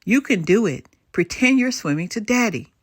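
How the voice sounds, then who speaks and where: A woman's voice: medium pitch, animated, moderate pace, no room sound, clean studio sound, natural voice. An older woman voicing a patient mother in a children's story, speaking encouragingly.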